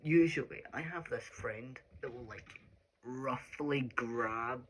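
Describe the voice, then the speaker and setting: Husky-voiced Scottish man rambling. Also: medium pitch, slow, fairly bright tone. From Scotland. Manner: rambling, chatty, lots of fillers. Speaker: YouTuber. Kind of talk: casual vlog talk.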